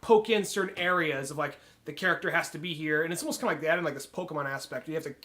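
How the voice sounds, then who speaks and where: High, bright-voiced man chatting casually. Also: rapid-fire. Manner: hesitant, many likes, laughs into his lines. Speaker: podcast co-host. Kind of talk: casual chat.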